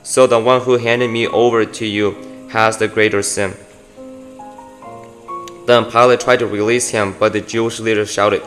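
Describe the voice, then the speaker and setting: A man's voice: fairly low pitch, flat delivery, normal speed, long pauses, a bit bright, soft background music. A man giving a devotional scripture reading aloud, often stumbling and correcting himself mid-line. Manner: reads aloud with frequent slips and self-corrections. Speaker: Bible reader.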